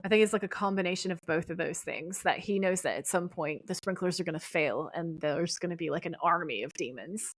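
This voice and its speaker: A woman's voice: fairly low pitch, brisk, few pauses, no room sound. A woman co-hosting a podcast, casually retelling a TV episode scene by scene and quoting the characters' lines. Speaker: podcast co-host.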